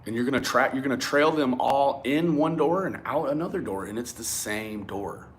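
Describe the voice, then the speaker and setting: A man giving a profane, animated rant to his viewers. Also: mid-range voice, moderate pace, a little hiss or hum. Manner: animated, swearing, talks straight at viewers. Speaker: commentary vlogger. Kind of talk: profane ranting commentary.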